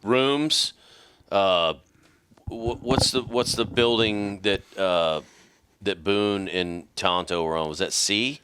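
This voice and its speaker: A middle-aged man telling a profane, animated story in casual podcast chat. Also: fairly low pitch, slow pace, slight background noise.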